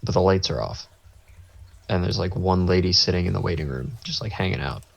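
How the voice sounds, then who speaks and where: A podcast co-host with a low, gravelly voice talks briskly as he tells a rambling story in casual chat. He performs the quoted dialogue, and the recording is dull lo-fi.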